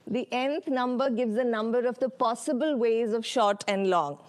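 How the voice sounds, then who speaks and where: A woman with an Indian English accent presenting a lecture with slides, unhurried, with many ums and uhs and questions to the audience. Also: fairly high pitch, no echo. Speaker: workshop speaker. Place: conference hall.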